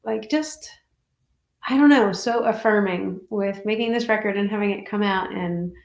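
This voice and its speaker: A woman musician chatting casually between songs on a livestream, halting and full of fillers and restarts. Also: medium pitch, gravelly, darkish tone. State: tearful. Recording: roomy sound with faint guitar.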